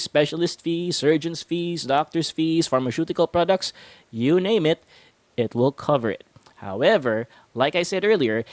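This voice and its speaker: A man's voice: mid-range voice, no room sound. A man, hosting a casual, playful explainer and laughing now and then as he teaches. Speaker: insurance explainer host. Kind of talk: casual educational talk to camera.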